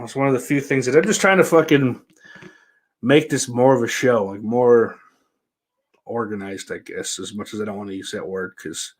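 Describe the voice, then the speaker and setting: A man hosting his own podcast alone, rambling from one thought to the next with plenty of swearing. He has a middle-pitched voice and breaks into sudden loud bursts before dropping back to a mutter. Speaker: podcast host. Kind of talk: rambling solo podcast chat.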